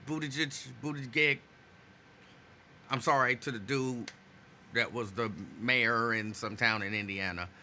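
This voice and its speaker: A man hosting a casual live stream, greeting viewers by name and chatting loosely while saying his energy is low. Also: bright, forceful tone, a little hiss or hum. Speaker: host.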